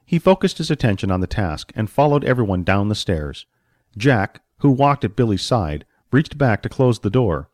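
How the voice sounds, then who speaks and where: A man narrating an audiobook story with expressive storytelling and varied pacing. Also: lowish voice, moderate pace, no echo, studio quality.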